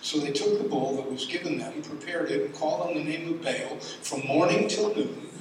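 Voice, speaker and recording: A man preaching a sermon, reading scripture dramatically and building to loud exclamations. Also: on the high side, normal speed, slight background noise. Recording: echoey hall from far off.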